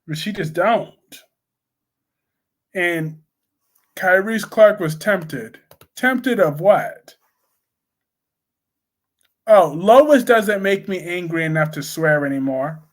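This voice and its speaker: A man's voice: high voice, animated, slow pace, long pauses. A man giving blunt, opinionated soap opera commentary in a casual live-stream chat, reading and answering viewers' comments. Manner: blunt, opinionated, repetitive emphasis.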